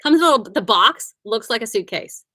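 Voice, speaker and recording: A woman's voice: a little high, lively intonation, brisk, bright, forceful tone, no room sound. A woman who owns a quilting shop, chatting casually and cheerfully about sales in her store, often humming and saying "like". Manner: chatty and upbeat, hums and says "like" often.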